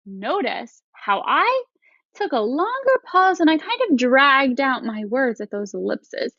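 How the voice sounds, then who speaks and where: Woman teacher talking to little kids about reading, kinda high voice, dull muffled recording. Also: fairly bright tone, no room sound. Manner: slow, clearly explaining teacher talk. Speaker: first grade teacher. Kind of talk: recorded reading lesson for young children.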